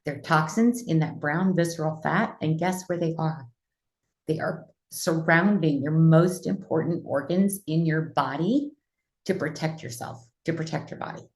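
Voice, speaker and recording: A woman's voice: low-pitched, normal speed, reverberant. A woman hosting an online wellness class over a video call, explaining in an earnest, conversational way.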